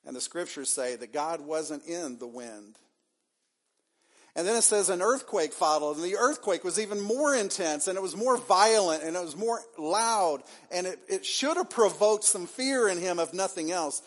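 A man's voice: sits high, expressive, moderate pace. A man preaching a sermon as pastor, acting out the figures' lines with dramatic swings. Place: church sanctuary.

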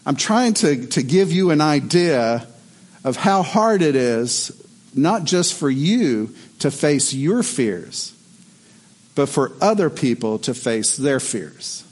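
A middle-aged man preaching a sermon as pastor, telling stories in an animated way. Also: fairly high pitch, slow pace, husky. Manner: animated storytelling, voice rising in excitement.

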